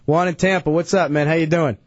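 A man's voice: a little high, steady tone, no room sound. Male radio host, dry and dull sound. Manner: hurried, filler-heavy hosting. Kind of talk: radio hosting and promos.

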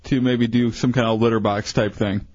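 A man's voice: mid-range voice, flat delivery, moderate pace, a little mellow, no room sound. A man co-hosting a radio show, tossing in short teasing quips. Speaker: radio co-host. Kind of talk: casual radio banter. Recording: dull lo-fi radio broadcast with faint noise.

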